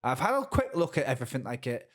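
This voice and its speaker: A man co-hosting a podcast, talking in an excitable, stammering casual way. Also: medium pitch, fast talker. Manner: animated, excitable storytelling with stammers. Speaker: podcast co-host. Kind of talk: casual chat.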